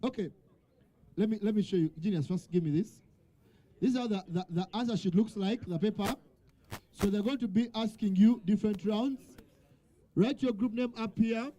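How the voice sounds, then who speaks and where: A man's voice: high-pitched, normal speed, pauses often, dark tone. A man hosting a live quiz night, calling out to the crowd and joking with the teams. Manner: calls out to the crowd and jokes with teams. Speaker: event host. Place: event venue with a crowd.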